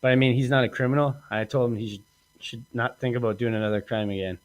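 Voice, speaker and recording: A man's voice: medium pitch, fast, no echo. A man hosting a comedy podcast, boastfully telling stories, acting out quotes and laughing often. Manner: boastful, animated storyteller who acts out quotes and laughs often. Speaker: podcast host. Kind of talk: comedic storytelling chat.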